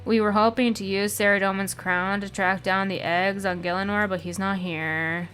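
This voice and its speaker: A woman's voice: mid-range voice, fairly even intonation, normal speed, a bit bright, lightly acted. A woman voicing an earnest knight with an urgent mission, explaining the danger plainly.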